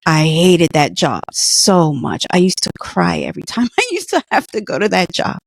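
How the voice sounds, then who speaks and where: A woman's voice: lowish voice, very animated, normal speed, vocal fry, no echo, studio quality. A middle-aged woman earnestly telling a personal story in conversation, emotional at times. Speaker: guest, former patient.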